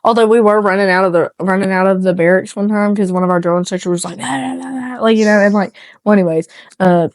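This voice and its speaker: Woman podcast co-host, chatty storyteller, laughs often, swears freely, dry close sound, mid-pitched voice. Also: fairly even intonation, fast talker, no echo. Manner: rambling storyteller who laughs a lot and swears casually. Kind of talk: casual podcast chat.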